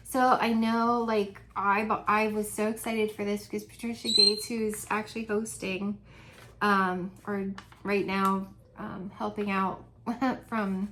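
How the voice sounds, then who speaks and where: A woman's voice: mid-range voice, little pitch movement, slow, noisy background. A woman vlogging from home in a casual, chatty, rambling way, laughing often as she talks. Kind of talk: casual chat.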